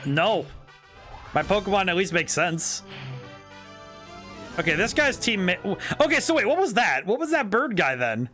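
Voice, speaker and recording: A man's voice: high-pitched, moderate pace, long pauses, soft background music. A man commentating his game stream casually, joking and chatting with viewers. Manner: excitable, jokey, chats with viewers.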